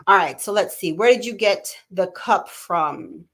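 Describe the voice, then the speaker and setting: A woman's voice: medium pitch, unhurried. A woman in her thirties hosts a live stream from home. She talks in a casual, chatty way, answers viewer comments one by one, and often adds "you know" and "right?". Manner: chatty, warm-hearted, reads viewer comments aloud. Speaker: talk show host.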